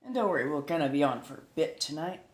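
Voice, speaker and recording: Low-voiced chatty woman, echoey room. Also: animated, quick pace. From United States. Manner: rambling, laughs often, self-correcting. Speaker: streamer and tarot reader. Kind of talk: casual chat to live viewers.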